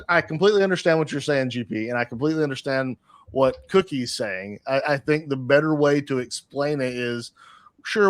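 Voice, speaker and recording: A man's voice: medium pitch, smooth, dry recording. A man on a casual market show explaining his long-term investing view, stammering at the start of sentences and swearing casually.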